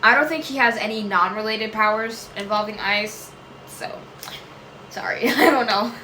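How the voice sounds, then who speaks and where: Casting note: bright, chatty woman vlogger, rambles and trails off, recorded at home in a roomy space with a faint hiss. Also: mid-range voice, moderate pace. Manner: rambling and self-interrupting, many fillers and trailing "I don't know". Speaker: vlogger answering viewer questions. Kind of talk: casual chat. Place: home room. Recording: echoey room with faint noise.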